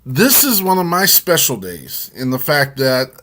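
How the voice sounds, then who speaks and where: In an unhurried, mid-range voice, a chat show co-host spins a lengthy story, very animated and warm, wandering off and restarting many times along the way.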